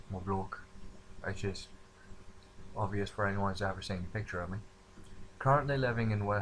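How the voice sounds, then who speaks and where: A man's voice: low-pitched, a little hiss or hum, low-quality recording. A man from upstate New York talking in an imitated Scottish accent, rambling through a casual, self-deprecating introduction of himself. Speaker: vlogger.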